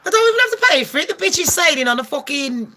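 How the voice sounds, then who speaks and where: A woman's voice: high voice, sing-song, fast, sharp tone. A woman giving comic gossip commentary as a vlogger, brash, profane and sarcastic.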